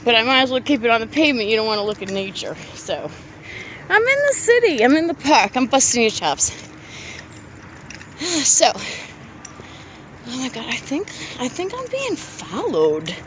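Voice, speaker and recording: A woman walking outdoors through a city park, talking into her phone in a rambling, breathy, gushing way full of swearing and exclamations. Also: on the high side, wildly swooping pitch, moderate pace, a bit bright. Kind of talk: rambling confessional monologue to an absent lover. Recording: outdoor street noise and traffic. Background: street ambience with passing vehicles.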